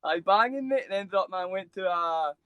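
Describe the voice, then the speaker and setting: A man's voice: high voice, animated, moderate pace, sharp tone, smooth, no echo, dull audio. A young Scottish man with a Scottish accent, a guest telling his story on a live video call, rambling and swearing freely with lots of mate and bro. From Scotland. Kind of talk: casual storytelling interview.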